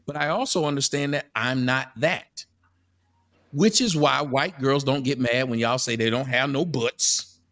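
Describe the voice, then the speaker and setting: A man on a talk show panel, speaking quickly and bluntly in casual debate. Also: medium pitch, fairly bright tone.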